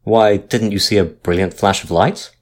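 A man's voice: on the low side, fairly even intonation, moderate pace, voice pushed up, close to an everyday voice. A man doing a stern, commanding ship captain. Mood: shouting. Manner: loud, demanding.

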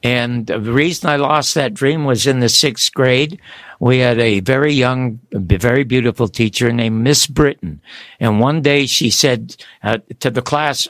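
An older man from Toronto, a lively guest telling stories on a radio talk show. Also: medium pitch, a little slow, no echo, clean studio sound. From Toronto, Canada. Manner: lively, animated storyteller with restarts. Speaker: guest storyteller. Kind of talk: radio interview storytelling.

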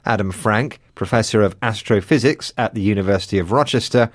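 Low-voiced male radio host. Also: dry recording. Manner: clear, measured, teacherly. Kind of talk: scripted educational radio presenting. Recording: dry studio sound.

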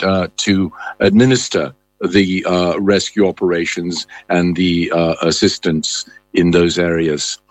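A man reporting as a correspondent in a live news interview, halting with many fillers and restarts. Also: low-pitched, no room sound.

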